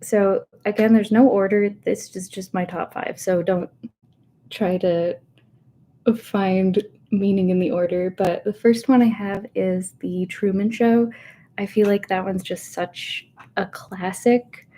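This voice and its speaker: Soft-spoken woman in her thirties, rambling. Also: mid-range voice, steady tone, slow, a little hiss or hum. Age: 30s. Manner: rambling, chatty, self-interrupting with fillers. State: a little nervous. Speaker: ASMR host. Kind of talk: soft-spoken livestream chat. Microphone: webcam setup.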